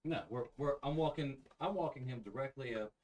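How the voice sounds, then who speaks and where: A man's voice: medium pitch, brisk, darkish tone. A man playing a tabletop game in casual chat, bossy and blustering, recorded from a distance. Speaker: player. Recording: distant mic.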